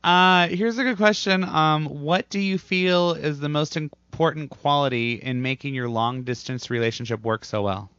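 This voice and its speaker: A man's voice: a little high, moderate pace, few pauses, fairly bright tone, smooth, no room sound. A man hosting a casual web radio interview, chatting and reading out listener questions. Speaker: host. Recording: muffled dry web radio audio.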